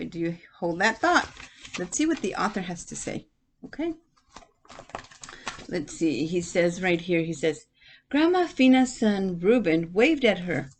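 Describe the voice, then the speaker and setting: Slow-reading woman teacher. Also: lowish voice, vocal fry, a little hiss or hum. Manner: stops to ask listeners questions. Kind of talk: reading a picture book aloud to children.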